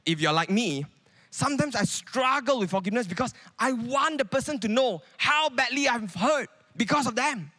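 A man's voice: extremely high pitch, lively intonation, moderate pace, pushed and bright. A man preaching a sermon in a conversational way, with many rhetorical questions.

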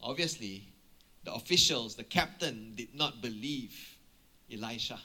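Bright-voiced preacher. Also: male voice, mid-range voice, measured pace, husky. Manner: animated storyteller, checks in with "okay?". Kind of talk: sermon retelling a Bible story.

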